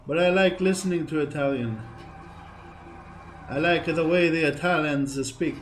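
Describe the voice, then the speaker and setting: A man's voice: a little high, unhurried, a little hiss or hum, rough recording. Tired man streaming a game. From Greece. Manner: chatty, repeats himself, talks to viewers. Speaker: gaming streamer. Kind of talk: casual live gameplay chat.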